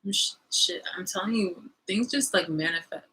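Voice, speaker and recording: Animated young woman ranting casually. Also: lowish voice, normal speed, breathy edge, poor audio. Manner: animated, swears freely, trails off into fillers. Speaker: vlogger.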